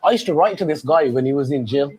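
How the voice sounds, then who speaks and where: A man in a casual interview, speaking in a heartfelt, slightly halting way. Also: on the high side, expressive, mellow, slightly rough.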